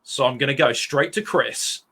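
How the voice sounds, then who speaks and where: A man's voice: mid-range voice, moderate pace, pushed and bright, slightly rough. A young man hosting a casual podcast with jokey, mock-formal banter. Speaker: stand-in podcast host.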